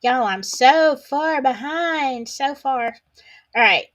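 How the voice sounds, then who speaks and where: A chatty woman with a Southern US accent hosts a casual solo livestream, reading viewer comments aloud. Her voice sits a little high, and her talk is folksy and drawling, with asides tossed in along the way. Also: animated, slow pace, fairly bright tone.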